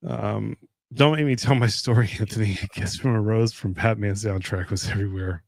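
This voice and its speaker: A middle-aged man hosting a casual whiskey tasting livestream, telling a story with lively impressions of others. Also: a little fast, creaky, no room sound. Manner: animated storyteller, jumps up high when imitating others. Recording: dry close sound.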